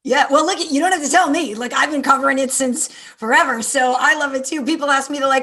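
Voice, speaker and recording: A woman's voice: high voice, fairly bright tone. A woman hosting a casual video call interview, upbeat and chatty. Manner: upbeat, chatty, quick agreeing replies. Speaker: interviewer host.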